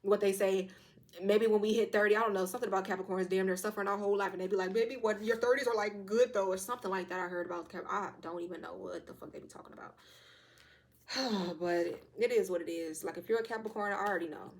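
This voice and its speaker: Young adult woman, quick casual tarot reader, a touch hoarse, swears freely. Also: medium pitch. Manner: fast, loose and profane, with lively quoted asides. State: slightly hoarse throat.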